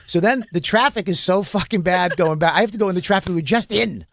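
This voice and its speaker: A comedian tells a story in a loose, profane rush and laughs through it. His voice sits a little high for a man. He keeps it animated from start to finish. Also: fast, vocal fry, few pauses, a little hiss or hum. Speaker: podcast host, comedian. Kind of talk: casual storytelling chat.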